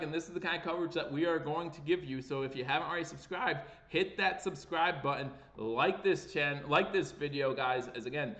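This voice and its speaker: A man hosting a live sports talk stream, reading viewer chat aloud and getting excited over breaking trade news. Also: a little high, reverberant, muffled recording. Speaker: livestream sports show host.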